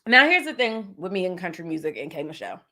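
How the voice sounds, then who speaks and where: Woman, from New Jersey, podcast host, casual pop culture chat, animated, playful, bright voice. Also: on the low side, fast. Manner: animated, playful, breaks into sung parody bits.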